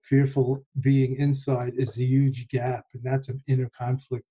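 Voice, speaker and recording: Mellow-voiced man musing unhurriedly. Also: medium pitch, completely flat delivery, slightly rough. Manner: thoughtful, unhurried, with pauses and restarts. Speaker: podcast host and meditation teacher. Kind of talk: reflective conversational talk.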